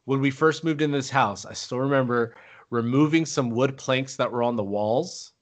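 Guy on a podcast telling a funny story, acts out all the voices, pretty animated. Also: medium pitch, moderate pace. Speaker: podcast host. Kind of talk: casual chat.

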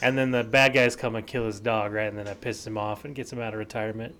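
A man's voice: lowish voice, fairly even intonation, fast talker, a bit bright. A man co-hosting a podcast in casual chat, joking and rambling through half-remembered stories. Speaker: podcast co-host.

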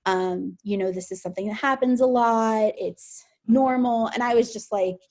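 A young woman speaking as a podcast guest in an emotional personal interview, soft-spoken and halting, with many fillers. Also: fairly high pitch.

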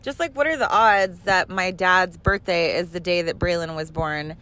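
A woman's voice: normal speed, poor audio. A woman telling a long story in casual chat from her car on the way to work, swearing often and getting worked up. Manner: profane, animated and exasperated. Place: in a car while driving. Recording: faint vehicle rumble. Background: road and engine rumble.

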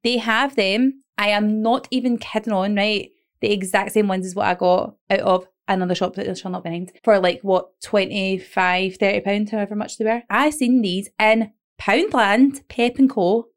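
A woman's voice: medium pitch, moderate pace, hardly any pauses. Chatty woman telling a story. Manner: chatty storyteller, animated impressions. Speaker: podcast co-host. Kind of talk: casual chat.

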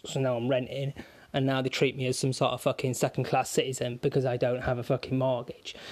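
A man's voice: mid-range voice, a bit bright. A man delivering an angry, constantly swearing comic rant, stringing insults together. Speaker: vlogger.

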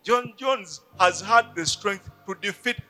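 A man preaching a sermon in short phrases, pausing after each for an interpreter. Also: sits high, sharp tone. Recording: music playing behind.

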